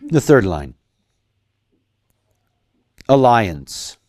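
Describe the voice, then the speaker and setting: A man giving a lecture, talking in an animated way and acting out quoted voices. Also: mid-range voice, drawn-out words. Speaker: lecturer on human design.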